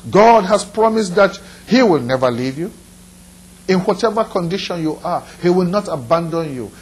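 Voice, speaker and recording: A man's voice: sits high, husky, rough recording. A man pastor preaching a sermon in an earnest, repetitive style, putting direct questions to his listeners.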